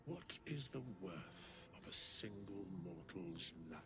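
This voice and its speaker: An actor playing an ancient, solemn undead lord in a video game, speaking in slow archaic phrasing. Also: male voice, sits low, big pitch swings, exaggerated voice. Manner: slow archaic speech, commanding questions. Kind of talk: video game character dialogue.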